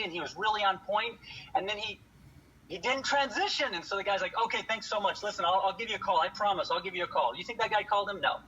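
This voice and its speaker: A man giving an energetic sales training talk to his team, acting out lines he uses with customers. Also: fairly high pitch. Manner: energetic, acts out customer dialogue. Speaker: solar sales presenter. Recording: slightly dull audio, faint noise.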